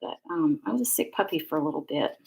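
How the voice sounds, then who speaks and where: A woman's voice: low-pitched, animated, fast, vocal fry, low-quality recording. A middle-aged woman, chatting and rambling casually while she demonstrates card making on a live stream. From Georgia, USA. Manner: chatty, rambling, warm asides.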